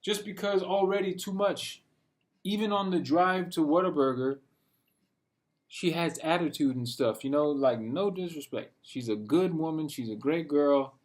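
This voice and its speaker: A man's voice: a little high, a little slow. Rambling young man saying "bro". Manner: rambling, says "bro" constantly, quotes himself and others in little voices. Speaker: vlogger. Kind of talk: casual monologue. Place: at home, dogs nearby.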